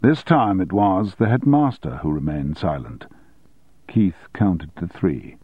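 Low-ish guy reading a novel aloud, animated tone, thin dry phone-like sound. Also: husky, dry recording. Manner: measured, expressive storytelling. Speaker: audiobook narrator. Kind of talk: scripted narration.

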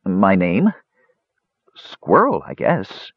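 A man's voice: low voice, wildly swooping pitch, extremely slow, slightly rough, no echo, muffled recording, full character voice. A man voicing a confused, sleepy young male squirrel who talks in a plaintive, drowsy way.

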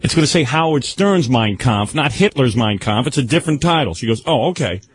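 Animated radio host telling a story. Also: male voice, medium pitch, brisk. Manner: animated, laughing often, acts out quoted voices.

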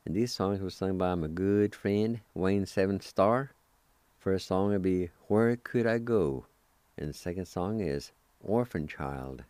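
Slow, deep-voiced male language teacher. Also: darkish tone, clean tone, no echo. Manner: slow and careful, breaks words into syllables; patient, encouraging to listeners. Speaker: radio host teaching language vocabulary. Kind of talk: language lesson, spelling and pronouncing words.

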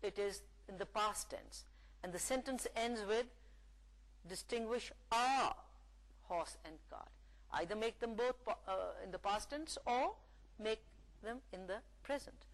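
A woman lecturer giving a recorded English lesson, reading example sentences aloud in a slow, deliberate way. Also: a little high, rough recording. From Pakistan.

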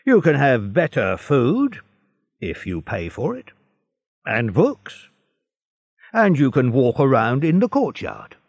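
Blunt, weary jailer, brusque and matter-of-fact, as a gravel-voiced man reads him. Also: medium pitch, huge pitch swings, takes it slowly, long pauses, a little mellow, no room sound, pitched above the performer's own voice, exaggerated voice. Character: blunt weary male prison guard.

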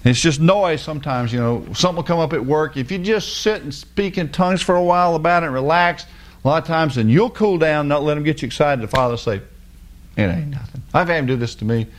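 A man's voice: on the high side, fast. A man preaching a casual, folksy sermon in plain everyday words. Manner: folksy, plain-spoken, mimics people with sing-song voices.

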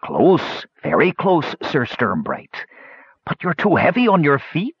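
A mad, giggling king, played by a man sing-songs his threats with a snickering glee that swoops up and down. The voice is a little husky and the recording sounds dry. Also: on the low side, wildly swooping pitch, unhurried, no room sound, heavily acted. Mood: taunting. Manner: snickering and taunting. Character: crazed giggling male king, mocking. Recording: slightly dull lo-fi recording.

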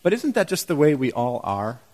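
A man's voice: medium pitch, very animated, a little fast, a little mellow. A man pastor giving a sermon in a church, conversational and full of rhetorical questions and wry humor.

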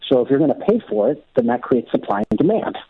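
A man's voice: medium pitch, sing-song, fast talker, husky, no room sound. A filmmaker on the phone during a radio interview, reasoning his points out aloud. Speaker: guest filmmaker. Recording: tinny phone line.

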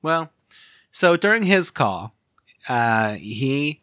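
A man co-hosting a podcast drifts from one story to the next and laughs at his own jokes as he goes. His voice sits at a middling pitch for a man. The sound is dry and close, with no room echo. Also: big pitch swings, very slow, fairly bright tone. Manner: laughs often, rambling and self-amused. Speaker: podcast co-host. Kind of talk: casual podcast chat.

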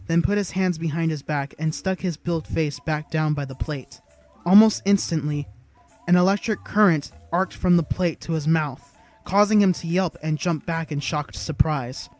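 A man narrating an audiobook with steady storytelling. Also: a little high. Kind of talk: scripted narration.

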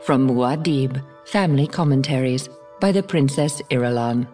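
A woman reading a quotation in a slow, solemn manner. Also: rumbling low, dark tone, faint music behind. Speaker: reader of epigraph.

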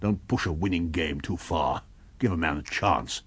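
A man's voice: sits low, moderate pace, breathy edge. A man voicing a tense, terse officer. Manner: terse, guarded. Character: tense male officer facing an unseen foe.

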